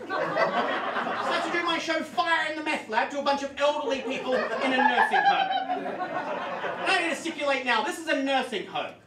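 A man doing live stand-up, telling a story in an animated, swearing comic manner on a club stage. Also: very high voice, normal speed, a loud crowd, heavy background noise. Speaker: stand-up comedian. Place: comedy club stage with audience. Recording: echoey club room, distant mic.

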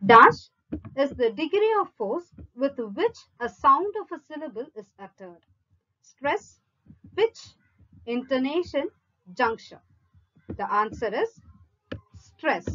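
A female teacher reads exam questions aloud slowly, going through each option in a list before giving the answer. Her high voice is bright, forceful and sing-song, swinging widely in pitch. The recording sounds slightly muffled and lo-fi.

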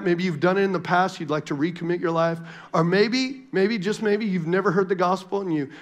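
A male pastor preaching a sermon, animated and joking with the congregation, asking for call-and-response, then dropping to quiet prayerful passages. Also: high voice. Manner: animated, calls for audience response.

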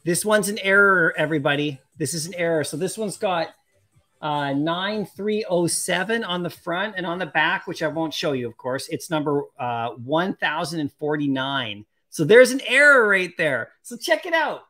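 A live-stream host opening collectible packs, chatting casually and excitedly with viewers and laughing often. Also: medium pitch, normal speed. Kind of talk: casual live-stream chat, reading viewer comments aloud.

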